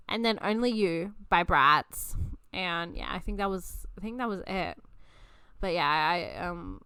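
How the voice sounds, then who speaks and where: A woman's voice: mid-range voice, bright, forceful tone, clear, resonant tone, no echo. A woman in her twenties hosting a podcast, telling personal stories in a loose, chatty way, swearing freely and laughing often. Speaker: podcast host. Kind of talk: casual storytelling chat.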